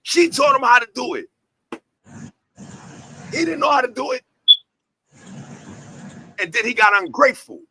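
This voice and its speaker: A very high-pitched, animated man with vocal fry and a bright, forceful tone talks a little slowly with long pauses. As head of an entertainment company hosting its talk show, he preaches profanely and passionately, hammering points through repetition and rhetorical questions. Poor audio with a little hiss or hum.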